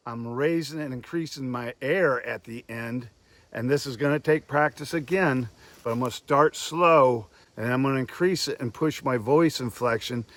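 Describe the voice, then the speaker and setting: A man giving a hands-on lesson on goose calling, speaking plainly and pausing to demonstrate calls. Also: mid-range voice, a bit bright, no echo. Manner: plain-spoken, demonstrates calls between explanations. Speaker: goose call instructor.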